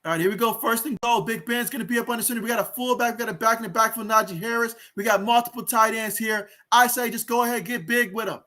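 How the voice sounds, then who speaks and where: A man calling a football game play by play on his own livestream, excitable and chatty with his viewers. His voice sits very high for a man. He talks into a home streaming mic. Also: fast talker, few pauses. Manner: excitable, talks to viewers, reads out chat comments. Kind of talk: live play-by-play commentary.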